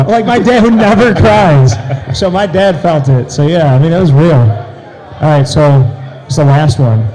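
Mellow-voiced excitable storyteller man. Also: fairly high pitch, moderate pace, low-quality recording. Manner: excitable, bursts into loud asides. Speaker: interview guest. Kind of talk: animated storytelling.

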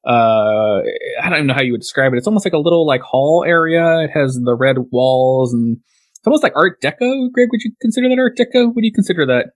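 A man's voice: on the high side, expressive, quick pace. A man hosting a casual movie podcast over a video call, chatty and rambling, often laughing. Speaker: podcast host. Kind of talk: casual chat.

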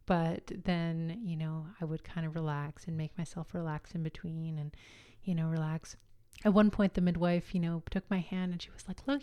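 A woman, likely in her thirties, casually telling her own story, candid and animated, acting out what people said. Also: lowish voice, clean tone. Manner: candid, animated, acts out quotes with laughs. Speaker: podcast host telling her birth story.

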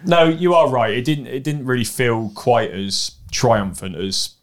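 A man co-hosting a podcast in casual, animated chat, telling stories with quick asides. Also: medium pitch. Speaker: podcast co-host. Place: live event venue.

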